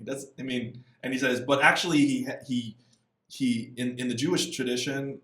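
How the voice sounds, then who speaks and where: A man, a missionary guest, talking casually in an interview, lively and acting out little quotes as he goes. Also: moderate pace, reverberant, recorded from a distance. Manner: animated, acts out voices and quotes with big pitch jumps.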